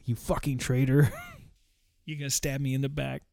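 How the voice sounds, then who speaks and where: A man's voice: mid-range voice, flat delivery, moderate pace, gravelly, dark tone, no room sound, studio quality, voice pushed up, natural voice. A man voicing his indignant male house cat, who curses at him for betrayal. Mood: betrayed. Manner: profane, accusing.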